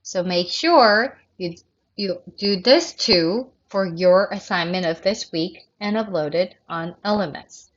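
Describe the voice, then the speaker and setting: A woman teacher giving a recorded grammar lecture in a creaky, tired voice, speaking deliberately and often restarting to correct herself. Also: on the low side. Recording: dull lo-fi lesson recording.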